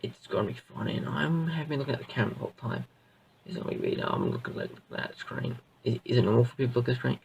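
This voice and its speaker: A man's voice: medium pitch, wildly swooping pitch, very fast, gravelly, distant mic, a little hiss or hum, poor audio. A man reviewing a show in a casual, rambling way, full of fillers and restarts. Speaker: video reviewer.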